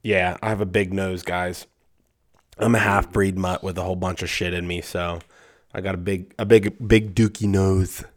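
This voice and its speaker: A man's voice: low-pitched, flat delivery, normal speed. A man in his twenties co-hosting a podcast, rambling crudely and laughing a lot, tired and sniffly. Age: 20s. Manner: profane, rambling, laughs often. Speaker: podcast co-host. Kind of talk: crude casual podcast banter.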